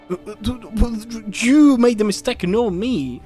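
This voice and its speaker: A man streaming a game, telling a story in a casual, animated rant with swearing and frequent restarts. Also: high-pitched, measured pace, few pauses. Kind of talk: casual chat while gaming. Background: faint game music.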